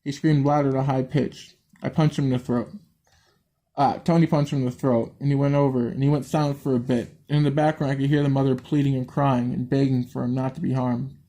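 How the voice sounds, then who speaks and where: A man's voice: mid-range voice, little pitch movement, a little fast, warm tone. A man reading a violent horror story aloud who keeps stumbling, restarting lines and swearing at his own misreadings. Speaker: story reader.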